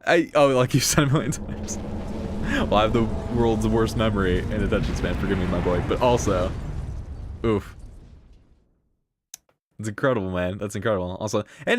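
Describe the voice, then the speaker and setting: A man's voice: on the low side, lively intonation, moderate pace, pauses often, a little hiss or hum. A man chatting casually while live-streaming a game, rambling with lots of fillers and playful slang. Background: game music.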